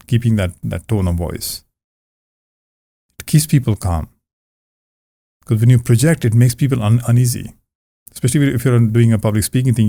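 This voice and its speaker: A man coaching on communication skills, talking calmly to the camera in a relaxed, conversational way with frequent restarts. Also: mid-range voice, gravelly, no room sound, studio quality. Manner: calm, conversational, many restarts. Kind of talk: casual talk to camera. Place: indoors, close to camera. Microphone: camera about two arm lengths away.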